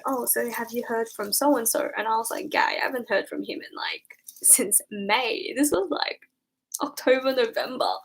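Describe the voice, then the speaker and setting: A young woman streaming from home, telling a casual story with lively, swear-laced slang and acted-out quotes. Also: a little high, rough recording. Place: home room at night.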